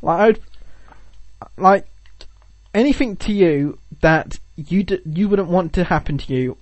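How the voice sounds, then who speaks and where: A man's voice: high voice, measured pace, no room sound. A young man in casual chat, joking and acting out silly bits. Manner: playful, jokey, acts out silly bits.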